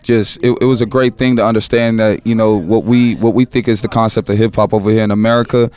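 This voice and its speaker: A man's voice: fairly low pitch, little pitch movement, quick pace, a little mellow, smooth. A young man from Los Angeles, a rapper guest in a casual podcast interview, talking in a laid-back way with street slang and frequent "you know" tags.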